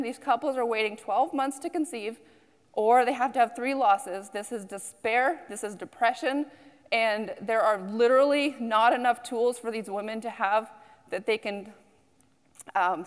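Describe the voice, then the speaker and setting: A woman founder giving an earnest, personal startup pitch to an audience, with many ums along the way. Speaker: company founder and CEO. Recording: long hall reverb.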